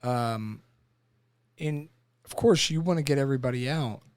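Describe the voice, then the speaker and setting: A young man on a podcast talking haltingly and often repeating his words, with his voice trailing off at times. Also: mid-range voice, smooth. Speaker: podcast co-host, veteran. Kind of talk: casual conversation.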